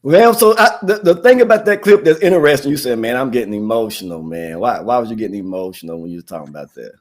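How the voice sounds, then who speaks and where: A man's voice: mid-range voice, animated, fast talker. A man hosting a live online show, casual and upbeat, often restarting and saying "man". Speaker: livestream host.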